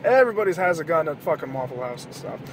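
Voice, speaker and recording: A podcast host talking in a rambling, profane monologue while driving at night, with loud outbursts now and then. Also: male voice, on the high side, big pitch swings, fast talker, a little hiss or hum. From American South. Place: car at night.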